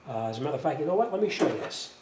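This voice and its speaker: A middle-aged auto mechanic with a somewhat high voice and big pitch swings talks rapid-fire through a plainspoken, chatty how-to demo in his repair shop, using plenty of fillers. Shop noise fills the background.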